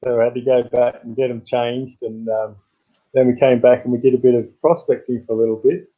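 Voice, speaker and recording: A man's voice: fairly even intonation, fairly quick. Rambling Australian man on a tinny stream. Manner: rambling, greets chat viewers with sudden high-pitched bursts. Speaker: live stream host. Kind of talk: casual live-stream chat. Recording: tinny phone-like sound.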